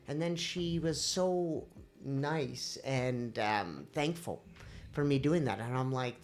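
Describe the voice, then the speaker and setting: A woman on a podcast telling a personal story in a casual, animated way, acting out the voices of the people in it. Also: low voice, slow pace. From India. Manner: animated, acts out quoted voices. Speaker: podcast host.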